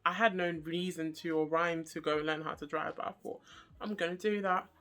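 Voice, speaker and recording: A young woman chats straight to camera, her voice bright and sharp-edged. She keeps it animated and jokey, full of slang and quick asides, like a casual storytime vlog. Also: sits low. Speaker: vlogger.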